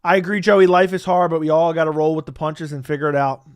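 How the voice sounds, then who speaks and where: A young man hosts a relaxed livestream, thanking donors and chatting with his viewers. His voice sits fairly high and comes through smooth and clear. It sounds close and dry at a desk mic. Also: quick pace, dry recording. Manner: laid-back, thanks viewers often, repeats himself. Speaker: livestream host reading donations. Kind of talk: casual livestream chat.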